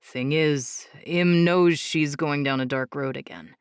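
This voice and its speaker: A woman voicing a tired, caring young husband in an audiobook, speaking low and weary. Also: measured pace, clean tone, no room sound, studio quality. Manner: low, weary and soft-spoken. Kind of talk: audiobook character voice.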